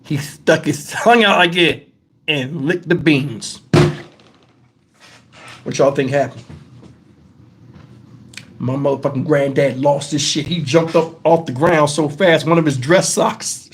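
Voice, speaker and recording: A man hosting his channel, telling profane stories to viewers in a casual, animated way and breaking into laughter. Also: a little high, unhurried, pauses often, a little hiss or hum. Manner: talks straight to the audience with questions. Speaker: channel host telling stories to a live chat.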